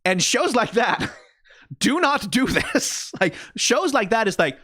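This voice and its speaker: Animated, profane man reacting to anime. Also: a little high, fairly quick, no echo, clean studio sound. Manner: animated, profane rambling with frequent restarts and laughs. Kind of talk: casual reaction commentary.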